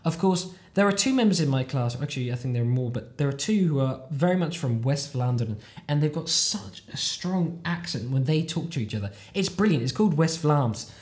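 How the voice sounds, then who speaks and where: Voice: mid-range voice, expressive, a little fast, few pauses, darkish tone. A podcaster from the UK with a British accent, talking in a casual, rambling monologue that drifts off on tangents, pokes fun at themselves and swears casually. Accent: British English. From United Kingdom. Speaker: podcast host, language learner.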